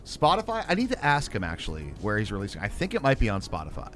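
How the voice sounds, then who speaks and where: A man's voice: lowish voice, quick pace, soft background music. A man co-hosting a gaming livestream, chatting casually in a rambling, jokey way. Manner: animated, rambling, jokey asides. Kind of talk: casual chat while playing.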